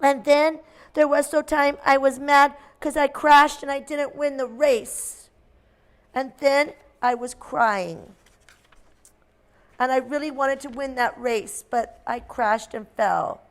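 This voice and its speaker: A woman's voice: high-pitched, steady tone, slow, pitched above the performer's own voice. A woman voicing a whiny little boy crow who cries all the time and tattles to his mother. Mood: sulky. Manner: whining, tattling, sobbing.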